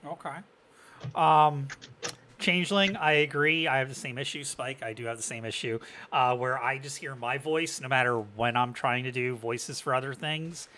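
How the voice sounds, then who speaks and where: A man's voice: medium pitch, moderate pace, sharp tone, slight background noise. A man hosting a podcast interview, asking casual, rambling questions. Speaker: podcast host.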